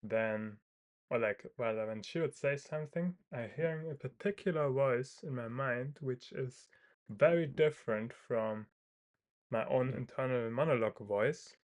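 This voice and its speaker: A man's voice: mid-range voice, unhurried, darkish tone. Hesitant man thinking aloud. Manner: hesitant, many fillers and restarts. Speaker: video creator. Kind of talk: thinking aloud, casual monologue.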